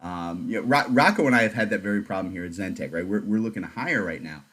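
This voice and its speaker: A man's voice: lowish voice, fast talker, a bit bright. A man hosting a podcast, chatting casually in a joking, blunt way. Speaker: podcast host.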